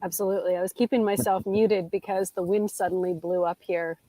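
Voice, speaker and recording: A Canadian woman talking casually on a live video call from outdoors, chatty and quick to laugh at herself. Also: mid-range voice, fairly even intonation, mellow, no room sound, rough recording. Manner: chatty, laughs easily, self-deprecating. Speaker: guest coach. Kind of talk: casual live-stream chat. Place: outdoors in nature.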